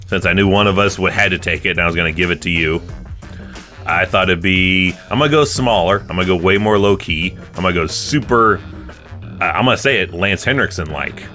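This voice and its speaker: Man, low voice, bright forceful tone, blunt joking podcast host, swears a lot. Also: a little fast, soft background music. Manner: blunt, swears often, jokey rants. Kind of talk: casual chat.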